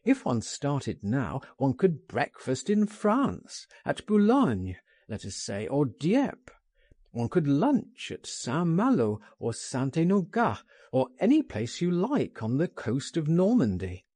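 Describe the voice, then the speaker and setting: A man narrating an audiobook memoir in an expressive, theatrical manner. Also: fairly high pitch, takes it slowly, no echo, clean studio sound.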